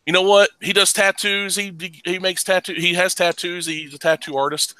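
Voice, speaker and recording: A man hosting a casual podcast chat, ranting with heavy profanity and bursting into loud laughs. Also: sits high, flat delivery, moderate pace, no echo, low-quality recording. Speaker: podcast host.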